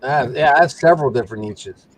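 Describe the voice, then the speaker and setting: A man's voice: mid-range voice, fast, rough recording. A man joining a casual live-stream panel, folksy and joking.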